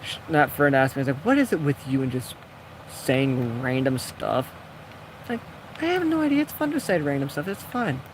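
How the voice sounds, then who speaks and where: A man's voice: mid-range voice, very animated, normal speed, a little hiss or hum. A man casually telling a rambling, jokey story while building in a game, acting out the people he quotes. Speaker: gaming video creator.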